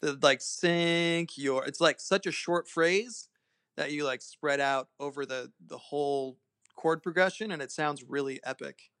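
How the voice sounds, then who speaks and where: A man's voice: fairly high pitch, unhurried, a bit bright, clear, resonant tone, no echo. A young man guesting on a podcast, talking casually and eagerly about music with lots of "like" and "um". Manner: enthusiastic, filler-heavy, says "like" a lot. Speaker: guest band guitarist. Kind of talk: casual chat.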